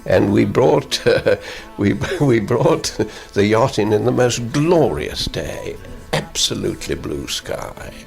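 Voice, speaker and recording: A man's voice: fairly low pitch, sing-song, takes it slowly, creaky, hardly any pauses, soft background music. An older man, a former governor, recalling an old royal visit in a chuckling, rambling way with many restarts. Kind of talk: anecdotal interview recollection.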